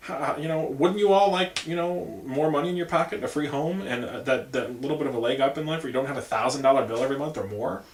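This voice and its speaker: A man's voice: a little high, quick pace, few pauses, a little hiss or hum. Rambling man in an echoey room. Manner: rambling, with many asides. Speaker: campaign vlogger. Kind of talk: casual political monologue.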